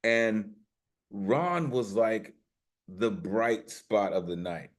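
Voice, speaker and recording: A man with a lowish voice hosts an online poetry open mic from a video call. He talks loosely and keeps hyping the poets, leaning on "listen" and "man" as he goes. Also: expressive, very slow. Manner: warm hype, repeats "listen" and "man". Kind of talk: casual hosting chat and spoken word. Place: home via video call.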